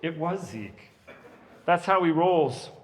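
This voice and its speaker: A man in his thirties performs stand-up comedy for a room of children. His voice sits high for a man and swings widely as he tells stories, and a long reverb trails behind it. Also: takes it slowly, crowd noise. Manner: animated storytelling, puts on kids' voices. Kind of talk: stand-up comedy at a birthday party.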